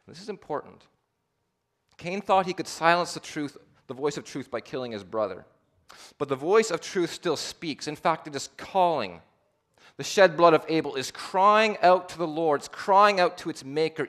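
In this sermon, the male preacher is expressive, building to loud bursts of emphasis and letting his phrases fade into low, hushed finishes. He deliberately slows and repeats for emphasis.

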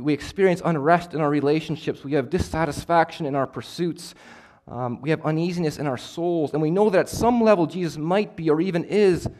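A male pastor delivers a sermon in a voice sitting a little above the usual male pitch. He presses hard on some phrases and drops to a near hush on others. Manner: emphatic, swings between loud and hushed.

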